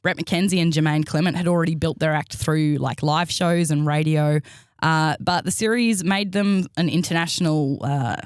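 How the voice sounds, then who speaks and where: A woman's voice: sits low, normal speed, clear, resonant tone, dry recording, clean studio sound. A woman, co-hosting a comedy podcast, blunt and casual, swearing freely. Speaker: podcast co-host.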